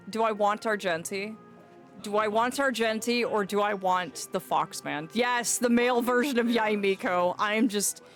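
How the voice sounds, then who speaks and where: Female streamer, very expressive pitch, chatty and playful, soft game music underneath. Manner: animated, rambling, playful. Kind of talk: casual gameplay commentary.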